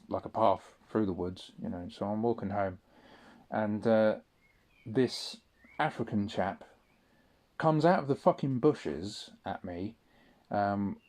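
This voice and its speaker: A man with a fairly low, somewhat mellow voice records a casual audio diary monologue. He rambles, swears often, and restarts his sentences a lot.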